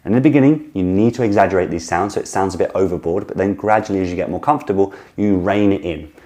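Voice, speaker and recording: A man with a low, mellow voice leads a relaxed pronunciation lesson. He stretches out single sounds, repeats them several times and keeps encouraging the listener to copy him. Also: fast talker. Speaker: French pronunciation teacher. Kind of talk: casual video lesson with drills.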